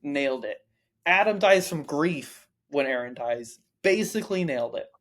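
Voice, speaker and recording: A man co-hosting a book podcast, in casual chat, self-mocking and quick to laugh, with plenty of ums. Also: on the high side, animated, fairly bright tone. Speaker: podcast co-host.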